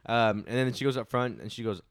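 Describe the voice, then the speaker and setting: A man recapping a film's plot in casual chat, with quick laughing asides. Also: mid-range voice, no echo, clean studio sound. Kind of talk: casual film discussion.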